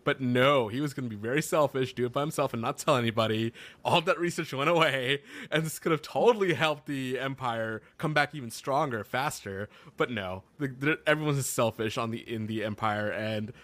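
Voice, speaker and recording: A man's voice: mid-range voice, moderate pace, a bit bright. A man co-hosting a podcast, talking in a laid-back way with lots of laughs. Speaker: podcast co-host. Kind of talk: casual chat.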